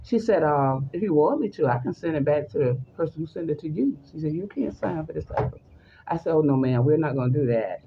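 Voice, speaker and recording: Woman storyteller, gravelly voice, acts out the voices she quotes, dull lo-fi recording with faint hiss. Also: low voice, lively intonation, fairly quick. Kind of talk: personal story told in conversation.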